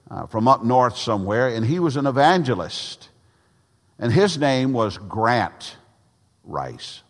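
An older man from Tennessee, preaching a sermon with emphatic pauses and folksy stories. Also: lowish voice. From Tennessee, USA. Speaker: pastor. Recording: long hall reverb.

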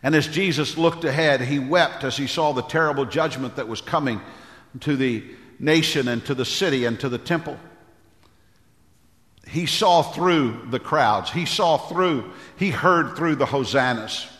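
A man preaching from the pulpit in a mid-pitched voice, hammering his points home with repeated phrases. He calls out to the congregation for amens, and his voice rings through a hall with a long reverb tail. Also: unhurried, a bit bright. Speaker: pastor. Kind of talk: sermon.

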